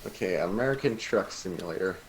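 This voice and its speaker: A man's voice: deep voice, lively intonation, a little fast, a little hiss or hum, low-quality recording. A man chatting casually on a stream, rambling with lots of fillers. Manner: rambling, filler-heavy storytelling. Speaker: friend on stream. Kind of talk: casual chat.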